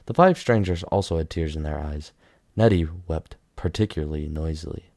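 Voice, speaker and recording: A man with a low, mellow voice reads a story aloud at an even, measured pace. The sound is close and dry, with no room around it. He narrates game lore in a plain storybook manner. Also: dry recording.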